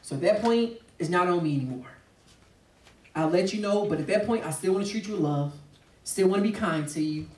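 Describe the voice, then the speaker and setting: A pastor with a high, lively, brisk voice and a somewhat dark tone preaches passionately during a discussion. He speaks emphatically and acts out the voices of the people he quotes. The mic sits far away in a roomy space.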